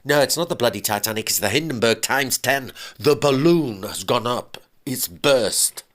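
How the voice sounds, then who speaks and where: A man with a deep voice voicing a panicking businessman ex-husband, putting on a gaspy, raspy, strained voice that sounds frantic and breathless in a spoken story. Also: lively intonation, moderate pace, a bit bright, lightly acted. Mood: panicked.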